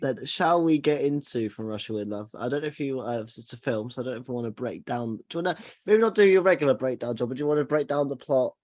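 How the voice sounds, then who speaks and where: A man's voice: mid-range voice, animated, fast talker, few pauses, a little mellow, no room sound, studio quality. A man hosting a casual film podcast, talking hesitantly with lots of ums and restarts. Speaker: podcast host.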